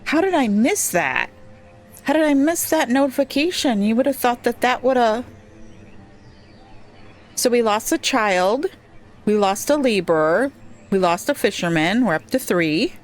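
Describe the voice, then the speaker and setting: A woman casually commenting as she plays a settlement-building game, thinking aloud slowly with frequent pauses and ums. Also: on the high side, lively intonation. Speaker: gameplay streamer. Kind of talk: casual let's-play commentary.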